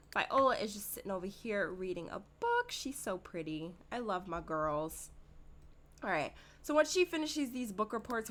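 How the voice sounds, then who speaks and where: Woman host, casual gameplay commentary, mid-pitched voice, chatty and giggly, speaks to viewers directly. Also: fairly bright tone, a little hiss or hum.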